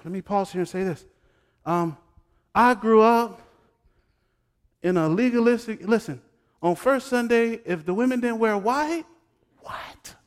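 A pastor preaching a sermon who teases his congregation and swings between hushed asides and loud exclamations. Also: sits high, measured pace, long pauses, clear, resonant tone. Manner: talks straight to the congregation, joking and teasing. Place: church sanctuary. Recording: long hall reverb.

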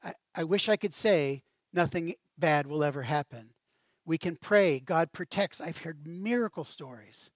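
A man preaching a sermon in a conversational way. He speaks with animation and casual asides, in a fairly high voice. The sound is dry and close. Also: a little slow, dry recording. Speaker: pastor.

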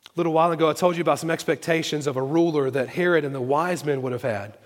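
A man's voice: a little high, fast talker, in a large hall. A man preaching a sermon, emphatic, repeating key phrases for stress. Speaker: pastor.

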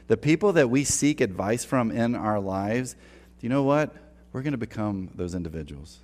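A man's voice: fairly low pitch, expressive, moderate pace, a little mellow. A man preaching a sermon in a church, conversational and repeating words as he starts phrases. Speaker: pastor. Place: church sanctuary.

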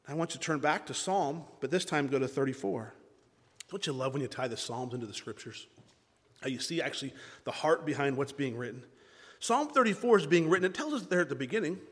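A man preaching a sermon as pastor, emphatic and repeating key phrases. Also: fairly high pitch. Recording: long hall reverb.

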